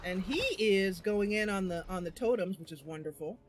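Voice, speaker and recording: A woman hosting a livestream, talking in an excitable, giggly, expressive way as she plays a fantasy game at home. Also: mid-range voice, normal speed. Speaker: streamer and host. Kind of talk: livestream gameplay commentary.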